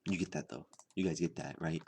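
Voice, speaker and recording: Deep-voiced man rambling in halting deadpan. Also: slightly rough. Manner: halting, repeats words, lots of fillers. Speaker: comedy vlogger. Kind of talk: rambling deadpan comedy monologue.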